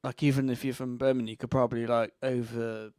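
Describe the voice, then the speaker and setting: A man's voice: medium pitch, level tone, fast talker, darkish tone, clean tone, no echo. Gloucestershire man rating tunes in offhand chat, resonant voice, dry sound. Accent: Gloucestershire English. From Gloucestershire, England. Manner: rambling, self-mocking asides. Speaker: host reviewing music tracks. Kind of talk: casual music review chat.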